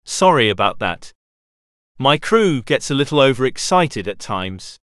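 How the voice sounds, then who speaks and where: A man voicing a distinguished male pirate rat captain in a storybook, calm and commanding. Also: mid-range voice, unhurried, clear, resonant tone, no echo, studio quality.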